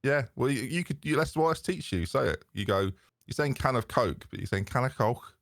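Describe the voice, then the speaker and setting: An English man from Liverpool with a softened Liverpool accent, co-hosting a podcast in a wry, self-deprecating way. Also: mid-range voice, animated, fairly quick, dry recording, clean studio sound. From Liverpool, England. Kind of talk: casual chat.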